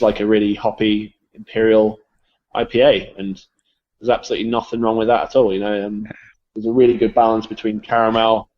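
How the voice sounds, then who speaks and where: A low-voiced English man talks beer in an easygoing, rambling way, his phrases often fading out quietly. The sound is dull and a little lo-fi. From England. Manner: relaxed, rambling, trails off softly. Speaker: guest from a beer shop. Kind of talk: casual chat.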